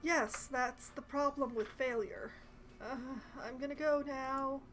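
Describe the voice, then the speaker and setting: A woman streaming a game, casually commenting in an expressive, self-mocking way and groaning at her failures into a desk mic. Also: sits high, takes it slowly, a little hiss or hum.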